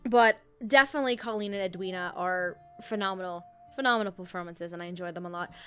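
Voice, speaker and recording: A woman's voice: on the low side, quick pace, soft background music. A woman hosting a casual podcast chat, rambling and self-correcting, laughing often. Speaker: podcast host reviewing an audio drama.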